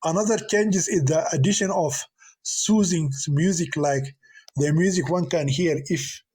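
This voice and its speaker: A man narrating a story aloud, halting and restarting over words. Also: fairly high pitch, a little mellow, slightly rough. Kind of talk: storytelling reading.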